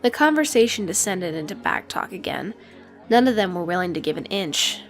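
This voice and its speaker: A woman narrating an audiobook with expressive storytelling. Her pitch moves in a lively way through each sentence. Faint music plays behind her. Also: a little fast.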